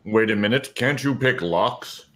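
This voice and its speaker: A man's voice: on the low side, a little slow, a bit bright. A man voicing a wary, blunt male dwarf paladin in a tabletop game. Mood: earnest.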